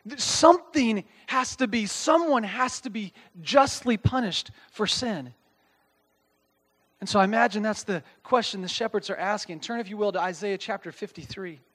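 A man with a notably high speaking voice delivers a casual, animated sermon. He reads scripture, then breaks it down in everyday language and often pauses to ask his listeners "okay?". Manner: reads scripture aloud, then explains it plainly. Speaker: pastor. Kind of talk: conversational sermon.

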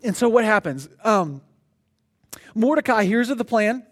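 A man pastor delivering a sermon in a conversational, animated storytelling manner. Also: sits high, measured pace.

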